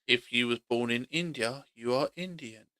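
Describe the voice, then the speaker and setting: A man's voice: mid-range voice, normal speed, pushed and bright, clean tone, dry recording. A man giving a blunt, opinionated monologue for his vlog, hammering the same points over and over. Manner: blunt, argumentative, repeats points. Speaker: opinion vlogger.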